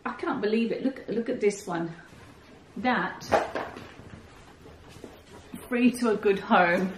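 A woman's voice: mid-range voice, slow pace, pauses often, a little hiss or hum. A woman chatting casually to camera from her couch at home, laughing often and coaxing her dogs to settle between remarks. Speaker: vlogger. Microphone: camera set a few feet away. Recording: roomy, from a distance.

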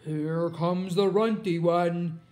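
A woman voicing a huge, bullying, man-eating male giant who booms loud and taunting words. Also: steady tone, takes it slowly, soft background music.

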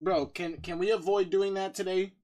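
A man's voice: sits high, normal speed. Joking, laughing male game streamer. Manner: joking, laughs often, reads out viewer shout-outs; bursts of loud excited talk. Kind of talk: casual live-stream chat.

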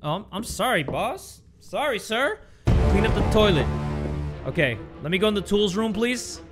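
A man hosting horror game commentary, excitable and swearing, jumping between mutters and sudden yelps. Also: high voice, moderate pace, loud music behind the voice. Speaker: gaming video host.

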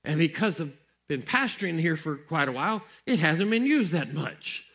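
A man's voice: fairly high pitch, animated, moderate pace, a bit bright. A male pastor preaching a sermon in a conversational way, repeating phrases for emphasis.

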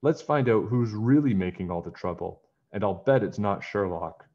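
A young girl detective speaks calmly and sensibly, urging her friends on. A man reads her in a lifted storybook voice. The recording is dull and lo-fi. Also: lowish voice, moderate pace. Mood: steady. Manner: calm, sensible, encouraging. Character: eight-year-old girl detective, level-headed leader.

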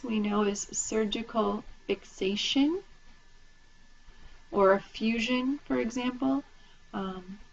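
A woman instructor giving a recorded lecture, patiently explaining terms and spelling them out letter by letter. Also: medium pitch. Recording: dull lo-fi lecture recording with faint noise.

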